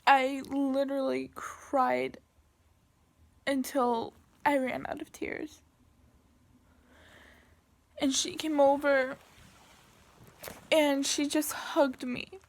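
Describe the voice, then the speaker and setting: A young woman with a high, gravelly voice speaks slowly, telling a painful personal story straight to camera. She pauses often and restarts her sentences, her delivery halting and heavy with emotion. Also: flat delivery.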